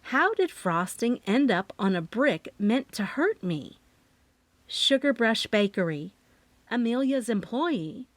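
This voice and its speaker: Woman reading a cozy mystery, lively animated voice, dry close mic. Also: a little high, slow pace, no room sound. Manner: expressive, lively storytelling. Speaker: audiobook narrator. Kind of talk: first-person mystery narration.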